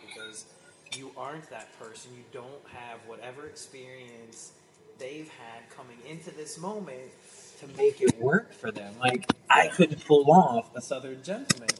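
A man's voice: mid-range voice, rough recording. A man co-hosting a podcast, sharing thoughts in casual chat. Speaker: podcast co-host. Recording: clear background noise.

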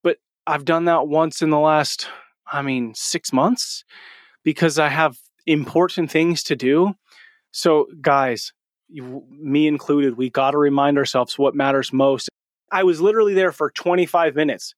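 A man's voice: fairly high pitch, measured pace, no echo, clean studio sound. A man in his forties hosting a podcast, telling personal stories in a casual, earnest, coaching tone. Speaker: podcast host. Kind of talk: casual storytelling monologue.

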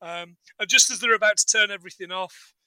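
A man's voice: high voice, a little fast, pushed and bright, clean tone, dry recording, rough recording. A man co-hosting a casual film recap, rambling and joking and acting out lines from the movie. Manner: rambling, jokey, acts out quotes. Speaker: podcast co-host.

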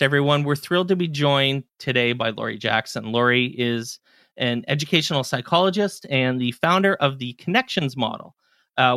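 Bright-voiced chatty male podcast host. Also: mid-range voice, no echo, studio quality. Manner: chatty, trails off and restarts, relaxed. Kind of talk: casual podcast chat.

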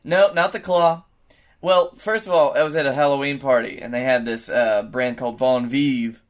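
A man's voice: mid-range voice, steady tone, moderate pace. A man co-hosting a comedy podcast, telling an anecdote in a loose, profane, casual way. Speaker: podcast co-host.

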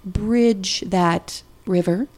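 A woman's voice: medium pitch, very slow, darkish tone. A woman with a Minnesota accent, an upbeat guest in a casual chat who laughs often. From southern Minnesota. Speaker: podcast guest.

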